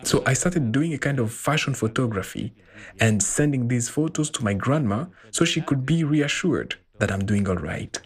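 A man voicing a translated interview, telling his story in an animated way. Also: medium pitch, normal speed, slightly rough. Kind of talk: voiced-over translation.

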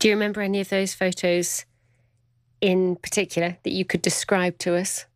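A woman presenting and narrating a documentary in a measured way. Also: on the low side, level tone, no room sound, clean studio sound. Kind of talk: scripted narration.

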